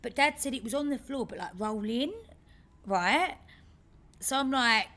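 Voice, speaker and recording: A woman co-hosting a podcast, telling a story in a lively way and acting out other people's lines. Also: fairly high pitch, unhurried, slight background noise. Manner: animated storyteller, acts out her dad's lines. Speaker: podcast co-host. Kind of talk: casual chat, storytelling.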